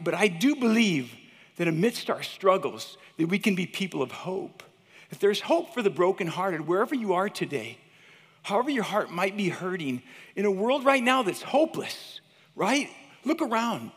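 A man in his fifties, a teacher giving a chapel talk, who tells stories in an animated, chatty way and keeps calling the listeners "you guys". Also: high-pitched, breathy edge. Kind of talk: storytelling sermon. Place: large hall with an audience. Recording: long hall reverb.

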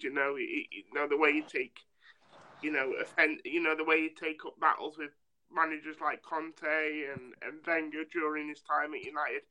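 A man with a fairly high and very bright, forceful voice talks football casually on a panel. He builds long, reasoned points and leans on "you know" as he goes. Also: slight background noise, poor audio. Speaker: podcast panelist.

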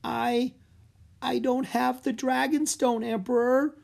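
A reader voicing a serious, polite young boy who speaks formally and softly. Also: medium pitch, lively intonation, moderate pace, husky.

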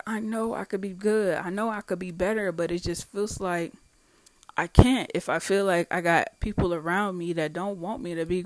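A podcast host talking alone in a casual monologue, blunt and full of swearing, with heated swings between loud and quiet. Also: medium pitch, no echo. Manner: blunt, profane and emphatic, with heated swings in volume.

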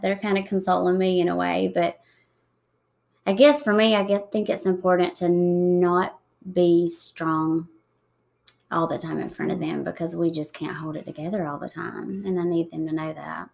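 Woman, 30s, low gravelly tone, soft reflective guest, unhurried with pauses. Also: level tone. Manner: soft-spoken, reflective, with many pauses and fillers. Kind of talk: emotional interview conversation.

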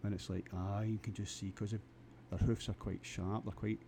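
A man's voice: fairly low pitch, flat delivery, moderate pace, vocal fry, dark tone, slight background noise. A Scottish man delivering a rambling comic monologue to camera, crude and full of stammered restarts. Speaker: vlogger.

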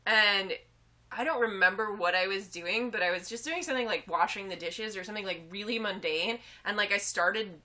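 A woman co-hosting a casual sports chat podcast, excitable, breaking into loud cheers and laughter. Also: medium pitch, a little fast. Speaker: podcast co-host. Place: Boulder area.

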